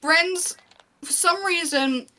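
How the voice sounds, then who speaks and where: A woman's voice: very high voice, slow, bright, forceful tone. A woman narrating as game master of a tabletop game, in a chatty, descriptive way with small restarts.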